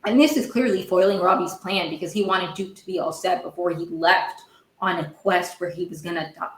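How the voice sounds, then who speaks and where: A woman's voice: on the low side, roomy sound, poor audio. A woman hosting a podcast, recapping a TV episode in a casual, rambling way, often correcting herself and getting heated. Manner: rambling, self-correcting, quick to get heated. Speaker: podcast host.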